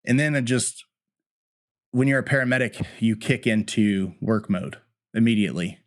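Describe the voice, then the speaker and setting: A man's voice: fairly low pitch, moderate pace, no echo, clean studio sound. A man who works as a firefighter and paramedic, candidly retelling a painful personal story as a podcast interview guest. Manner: candid, plainspoken, emotional retelling.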